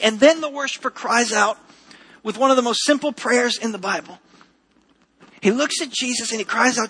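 A man's voice: extremely high pitch, fairly quick, bright, forceful tone, husky, rough recording. A man preaching a sermon to a church congregation, earnest and repeating key phrases for emphasis. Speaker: pastor.

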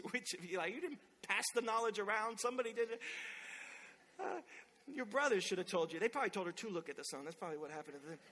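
A man in his thirties preaching a sermon in church, telling stories in an animated way and acting out quotes loudly. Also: very high voice, slightly rough. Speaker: pastor. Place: church sanctuary. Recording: long hall reverb.

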